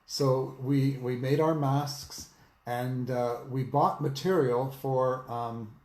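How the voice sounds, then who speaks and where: A man's voice: mid-range voice, fairly even intonation, takes it slowly, darkish tone. A man from Canada co-hosting a casual vlog, telling a family story in a supportive, chatty way. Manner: supportive, chatty, with some fillers. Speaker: vlog co-host. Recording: echoey room.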